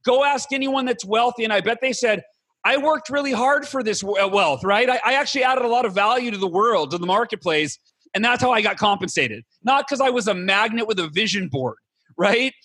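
A man talking as a podcast guest, enthusiastic and animated, slipping into mock voices as he explains. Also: high voice, a little fast, husky, no echo. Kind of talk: energetic interview talk.

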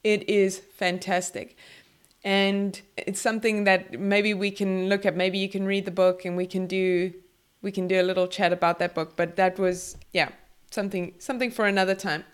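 A woman's voice: medium pitch, level tone, moderate pace, clear, resonant tone. Enthusiastic woman hosting a podcast. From South Africa. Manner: enthusiastic, repeats words, restarts. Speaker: podcast host. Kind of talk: casual chat.

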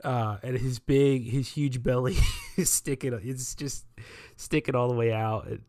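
A man's voice: medium pitch, steady tone, unhurried, a little mellow. A man hosting a podcast, chatting casually about movies in a rambling, self-correcting way and laughing at his own retellings. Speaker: podcast host. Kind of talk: casual movie-talk monologue.

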